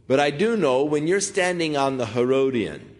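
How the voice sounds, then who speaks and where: A man's voice: mid-range voice, very animated, normal speed. A man preaching an expository sermon in a conversational, folksy way. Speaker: pastor.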